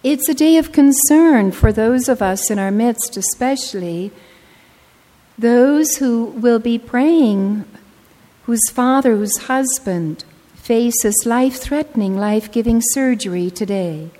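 A woman's voice: on the high side, dark tone. Older woman preaching in a reverberant church. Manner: earnest storytelling, slowing for emphasis. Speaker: pastor. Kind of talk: sermon. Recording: long reverb of a large hall.

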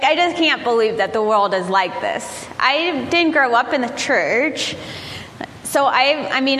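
Higher-voiced woman preaching in a reverberant hall. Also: fairly bright tone. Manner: candid storytelling with frequent laughs and fillers. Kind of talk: conversational sermon. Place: church service. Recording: reverberant hall with faint noise.

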